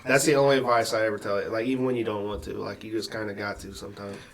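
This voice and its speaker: A man's voice: fairly low pitch, level tone, racing, gravelly, fairly bright tone. A man hosting a podcast who chats casually and swears freely. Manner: laid-back, swears freely. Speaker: podcast host.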